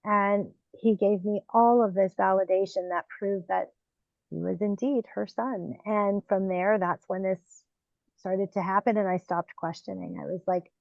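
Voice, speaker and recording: A woman podcast host and medium telling her experiences in a casual interview, animated when quoting herself. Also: medium pitch, unhurried, gravelly, dry recording, highs cut off. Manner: lively storyteller, acts out quoted exclamations.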